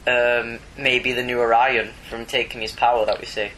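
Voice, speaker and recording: A man's voice: mid-range voice, level tone, normal speed, sharp tone, a little hiss or hum, poor audio. A man co-hosting a casual podcast, explaining details in an informative way and chuckling often. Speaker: podcast co-host. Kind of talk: casual comic book podcast chat.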